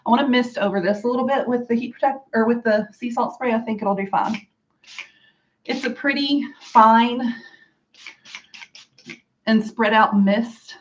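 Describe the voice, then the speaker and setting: A woman chatting casually through a hair styling tutorial at home, sarcastic and quick to laugh. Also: fairly high pitch, dull audio, slight background noise. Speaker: beauty vlogger. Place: home room with a fan.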